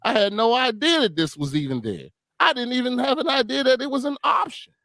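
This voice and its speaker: A man talking about faith in a casual discussion, animated and full of conviction, often restarting his phrases. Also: extremely high pitch, fairly quick, vocal fry, dry recording.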